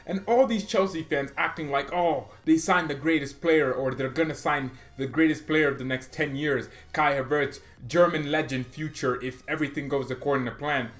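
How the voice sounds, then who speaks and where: A man's voice: fairly high pitch, moderate pace, few pauses, faint music behind. A man hosting a football fan channel, talking in a casual, joking vlog style and mocking rival clubs.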